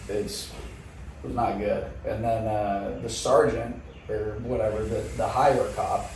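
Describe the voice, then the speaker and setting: A man telling a wild story in casual talk, animated and swearing, laughing often. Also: mid-range voice, very echoey, recorded from a distance, slight background noise, poor audio. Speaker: guest motorcycle rider.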